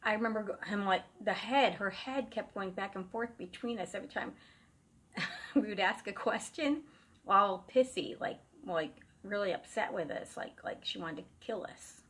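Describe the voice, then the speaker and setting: A woman's voice: medium pitch, normal speed, a bit bright, husky. A woman telling a true ghost story in a casual, rambling way, full of fillers and restarts. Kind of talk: casual first-person storytelling.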